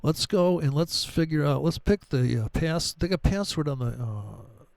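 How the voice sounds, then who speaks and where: Brief: middle-aged man, foul-mouthed trading rant, slightly high voice, dry close recording. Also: expressive, a little slow, creaky, a little mellow, no room sound. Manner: profane, wisecracking, digressive. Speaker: trading commentator. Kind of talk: casual rambling chart commentary.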